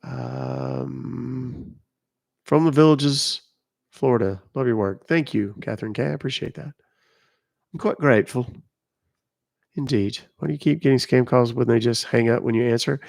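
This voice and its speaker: Male live-stream host, gravelly mid voice, casual and chatty, reads the chat aloud. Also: mid-range voice, expressive, normal speed, darkish tone. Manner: chatty, reads out chat comments, explains rules. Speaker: livestream host.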